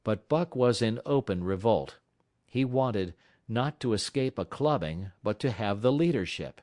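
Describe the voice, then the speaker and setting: A man reading a classic novel aloud as an audiobook narrator, in a measured, dramatic storytelling manner. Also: lowish voice, lively intonation, darkish tone, dry recording, clean studio sound. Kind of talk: scripted narration.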